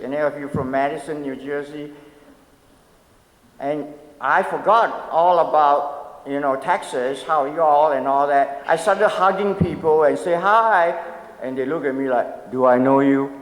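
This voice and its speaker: An older man in his seventies preaches in a church, his slightly raised voice carrying a long, roomy reverb. He tells stories in a relaxed, conversational way, pausing to ask the congregation questions and adding gentle humor. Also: on the high side. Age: 70s. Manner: storytelling, asks the audience questions, light humor. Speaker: pastor. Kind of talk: conversational sermon meditation. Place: church sanctuary.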